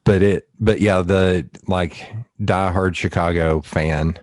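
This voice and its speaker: A low-voiced man chats as a podcast host, quick to joke and laugh as he acts out his stories. The sound is close and dry, with no room around it. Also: fairly even intonation, a little mellow, no echo. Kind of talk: casual interview chat. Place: his home.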